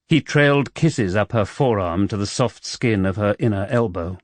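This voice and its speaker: Casting: male audiobook narrator, lively pitch, bone-dry close-miked studio sound. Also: no room sound. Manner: expressive, measured storytelling. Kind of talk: scripted narration of a romance novel.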